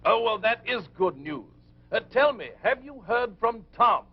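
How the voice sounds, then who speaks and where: A man's voice: extremely high pitch, big pitch swings, a little slow, breathy edge, exaggerated voice. An actor playing a chipper, airy man, on a dull old film soundtrack. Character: chipper male theatre man, breezy.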